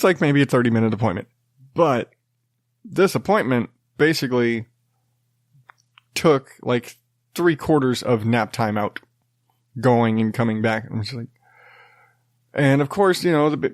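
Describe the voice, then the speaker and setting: A man in his thirties talks on his own in a casual, rambling way. He makes fun of himself, laughs often and swears freely. His voice sits in an ordinary middle pitch and sounds dry and close. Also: expressive, measured pace, long pauses, no room sound. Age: 30s. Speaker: podcast host. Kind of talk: casual solo chat.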